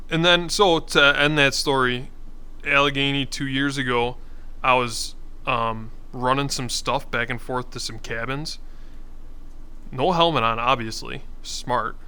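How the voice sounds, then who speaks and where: Bright, clear-voiced laid-back man. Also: medium pitch, unhurried. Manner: laid-back, matter-of-fact retelling. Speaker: podcast co-host. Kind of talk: casual chat.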